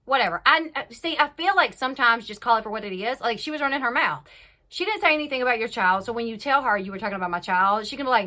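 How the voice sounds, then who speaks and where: A young woman hosting a casual reality TV recap, chatty and animated, acting out quotes with big jumps in her voice. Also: fairly high pitch, quick pace. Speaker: YouTube recap host.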